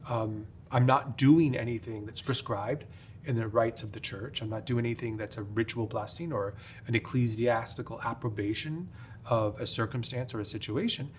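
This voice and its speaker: Measured, careful middle-aged priest. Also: male voice, medium pitch, slight background noise. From upstate New York. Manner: measured, careful, many "uh" fillers. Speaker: priest, guest. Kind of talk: podcast interview, explanatory.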